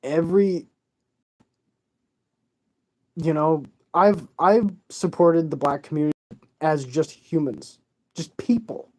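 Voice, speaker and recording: A tearful vlogger pours out a rambling, swear-filled rant straight to camera. The voice sits at a middle pitch with a dark, mellow tone, and the delivery is agitated and restless. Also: takes it slowly, long pauses. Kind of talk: emotional profane rant to camera.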